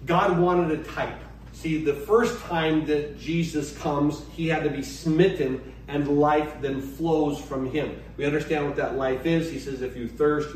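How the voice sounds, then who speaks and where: A pastor with a higher-leaning, darkish voice preaches emphatically, often restarting his phrases and asking his listeners questions. The recording has an echoey hall sound, a distant mic, and faint background noise.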